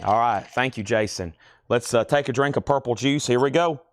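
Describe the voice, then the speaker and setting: At a moderate pace and medium pitch, a man hosts a live-streamed record sale inside a record store. He keeps the sales patter casual, reeling off album titles, prices and buyers' names.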